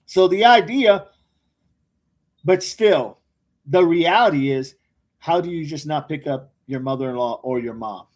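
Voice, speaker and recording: Male livestream host, fairly high voice, unhurried, reads chat names aloud and quips back. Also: lively intonation. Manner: reads viewer comments aloud by name, joking and quick responses. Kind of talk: casual live chat.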